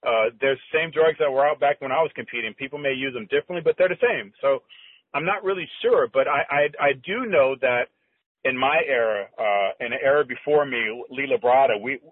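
A middle-aged man, a former competitive bodybuilder, telling stories as a guest with animated, halting speech and acted-out quotes. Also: mid-range voice, no room sound. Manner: animated, halting with restarts, acts out quoted dialogue. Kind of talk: conversational storytelling. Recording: tinny phone-line audio, dry.

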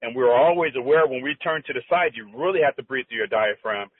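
A middle-aged man, a former competitive bodybuilder, telling stories as a guest with animated, halting speech and acted-out quotes. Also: medium pitch, a little hiss or hum. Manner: animated, halting with restarts, acts out quoted dialogue. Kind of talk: conversational storytelling. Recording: tinny phone-line audio, dry.

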